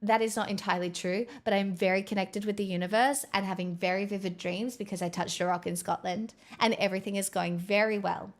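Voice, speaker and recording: A woman's voice: medium pitch, fairly even intonation, a little fast, hardly any pauses. A woman livestreamer chatting casually on a headset mic, bubbly and rambling with self-mocking jokes.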